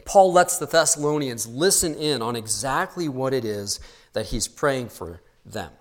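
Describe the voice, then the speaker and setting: A man preaching an expository sermon to a church congregation in an earnest, teacherly way, sometimes dropping to a soft, intense tone. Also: medium pitch, expressive, measured pace. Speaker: pastor.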